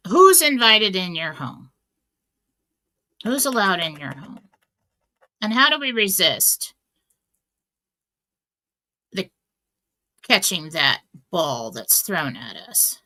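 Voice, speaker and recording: A woman's voice: lowish voice, sing-song, very slow, pauses often, bright, forceful tone. A middle-aged woman hosting a radio talk show, telling stories in a chatty way, full of fillers and restarts. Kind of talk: casual inspirational talk.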